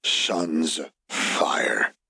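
A man voicing a weary, grieving uncle with a husky, tired, quiet voice. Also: a bass voice, slow pace, dry recording, studio quality, heavily acted. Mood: weary, resigned. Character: weary, grieving middle-aged male farmer uncle.

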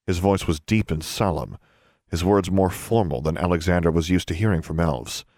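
A man narrating a story podcast with a steady, measured reading. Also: low-pitched, no room sound, clean studio sound. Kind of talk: audiobook narration.

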